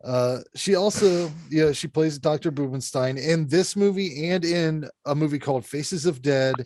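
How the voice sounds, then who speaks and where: A man's voice: fairly high pitch, normal speed, a little mellow, no echo. Blunt, profane man in podcast chat. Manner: profane, blunt, rambling with many fillers. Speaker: podcast host. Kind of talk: casual podcast review chat.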